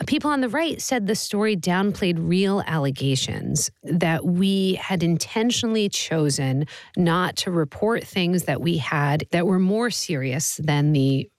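A woman reporter explaining a story in a news podcast interview, measured and firm. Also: fairly low pitch, animated, dry recording.

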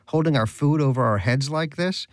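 A man's voice: medium pitch, very animated, a little slow, no room sound. A man voicing a brash, sarcastic and greedy male pet rodent who mocks and rants theatrically. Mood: indignant rant. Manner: mocking, theatrical, indignant.

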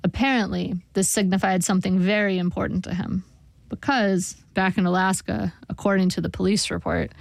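A woman's voice: mid-range voice, steady tone, fairly quick, vocal fry, no room sound. A woman reading a first-person literary story aloud with a dry, wry storytelling manner. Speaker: narrator. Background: soft guitar music.

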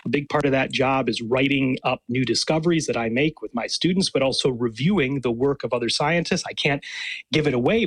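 A man's voice: medium pitch, a little fast, slightly rough, dry recording. A man, a paleontologist and professor, answering radio interview questions with enthusiasm and frequent laughs. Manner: enthusiastic, explanatory, laughs often.

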